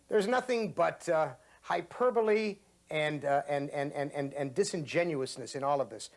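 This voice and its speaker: Expressive older American man, higher voice. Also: brisk, dry recording. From Ohio, USA. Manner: dramatic, expressive and sardonic. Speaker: host and author. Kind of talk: story reading and commentary.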